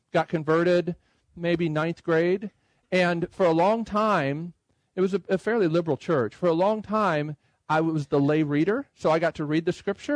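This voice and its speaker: A middle-aged man speaking at a conference about writing hymn tunes, talking in a conversational way and slowly reading lines out loud. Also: on the high side, no echo, rough recording. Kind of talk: conference talk. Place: conference room.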